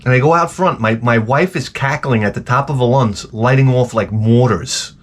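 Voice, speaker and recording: A man's voice: mid-range voice, normal speed. A middle-aged man, ranting in a rambling, profane comedic monologue. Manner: rambling, profane, animated storytelling. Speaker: comedic host.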